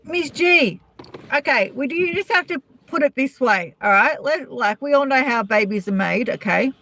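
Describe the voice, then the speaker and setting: A woman's voice: high-pitched, animated, moderate pace, pushed and bright. A woman with an Australian accent hosting a casual live-stream chat, gossiping and answering viewers' comments by name. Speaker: vlogger chatting with live viewers.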